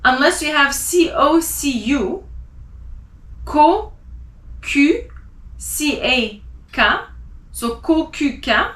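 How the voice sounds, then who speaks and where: A woman teaching French pronunciation, spelling out letters and slowly repeating example words. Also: high-pitched, expressive, fairly bright tone, reverberant.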